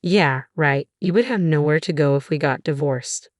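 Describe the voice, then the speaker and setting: A contemptuous, domineering husband barks orders and insults, as a woman reading the story plays him. The voice sits low and deep, recorded dry and close with no room sound. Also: normal speed, no echo, natural voice. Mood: scornful. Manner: yelling, contemptuous. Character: bossy, insulting middle-aged husband.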